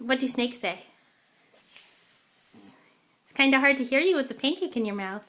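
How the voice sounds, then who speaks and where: A mother patiently coaxing her toddler to repeat words, saying each one slowly and clearly at home. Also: high-pitched, lively intonation, fairly bright tone. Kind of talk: coaching a toddler to speak at home.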